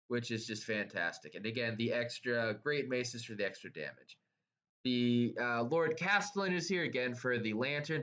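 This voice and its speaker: An eager man walks through his tabletop army with a casual, excitable delivery, stumbling and restarting sentences as he goes. His voice sits at an ordinary middle pitch. The recording sounds a little dull and lo-fi. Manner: enthusiastic, stumbling over words. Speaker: tabletop wargaming instructor. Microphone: camera held by helper, moving about.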